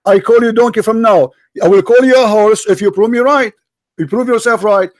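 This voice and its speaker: A man's voice: high voice, a little fast, no echo, rough recording. A man hosting a heated online debate, domineering and insulting, repeating himself to talk over his opponent. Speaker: debate host.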